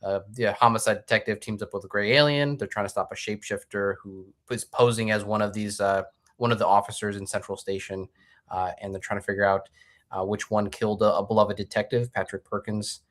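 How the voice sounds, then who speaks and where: A man's voice: lowish voice, steady tone, brisk, fairly bright tone. A man guesting on a podcast, chatting casually and enthusiastically about his own comics over a video call, rambling a little. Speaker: guest, comic book creator. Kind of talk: casual chat.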